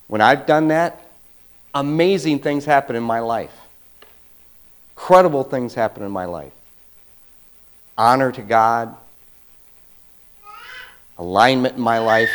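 A man preaching a sermon in a mid-range voice. He talks to the congregation like a conversation, then leaps up in pitch and volume for emphasis. He acts out other people's quotes in his own voice. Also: rough recording. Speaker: pastor.

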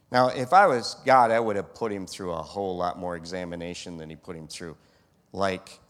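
A man preaching a sermon in an animated style, who fires off rhetorical questions and acts out scenes. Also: lowish voice, normal speed. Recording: long hall reverb.

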